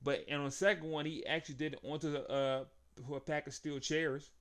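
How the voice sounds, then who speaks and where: Excitable young man recapping wrestling. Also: fairly high pitch, a little fast. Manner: excitable, laughing, acting out the wrestlers' lines. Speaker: wrestling show reviewer. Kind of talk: casual recap commentary.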